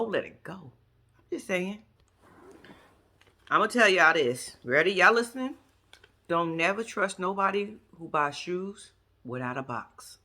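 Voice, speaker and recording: Sassy lady ranting about a reality show episode, cusses a lot, real lively up-and-down voice, bright sharp tone. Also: mid-range voice. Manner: sassy, blunt and profane, talking straight to viewers. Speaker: reality TV reaction vlogger. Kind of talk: casual reaction commentary.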